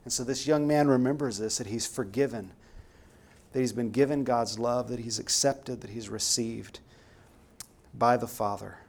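A man's voice: mid-range voice, fairly even intonation, moderate pace, vocal fry, a little mellow. A man preaching a sermon in an earnest, emphatic way, pressing hard on key words.

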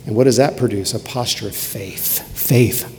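An earnest male pastor delivers a sermon, his voice swinging between hushed, intimate passages and sharply emphatic peaks. He is in a hall with a long reverb trailing his words. A faint room ambience sits underneath. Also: lowish voice, normal speed, a little hiss or hum.

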